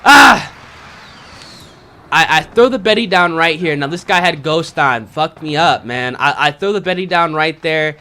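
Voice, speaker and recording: A man's voice: fairly high pitch, lively intonation, unhurried, pushed and bright. A man giving casual, self-critical commentary over his own gameplay, often saying "man" and "you know.". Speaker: gaming video creator.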